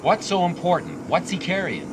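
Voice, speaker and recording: A man's voice: sits high, moderate pace. An actor playing a cocky, wisecracking male smuggler who talks in a smug, sarcastic way. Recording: old film soundtrack with hiss.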